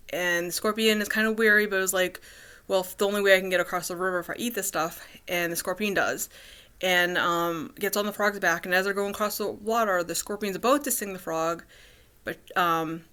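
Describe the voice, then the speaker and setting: A woman's voice: medium pitch, sharp tone. A woman vlogging in a casual, rambling way, with many fillers and restarts. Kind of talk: casual personal vlog.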